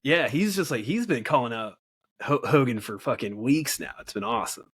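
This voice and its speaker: A laid-back man co-hosting a podcast, with a wry, easy delivery and frequent laughter. His voice sits at an ordinary middle pitch for a man. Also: sing-song, moderate pace, a bit bright, husky. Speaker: podcast co-host. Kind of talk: casual banter.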